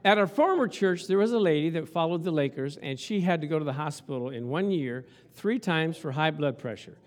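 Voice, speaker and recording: A man's voice: a little high, fairly quick. A man preaching a sermon as pastor, telling stories and acting out quotes with lots of passion. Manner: animated, storytelling with acted-out quotes.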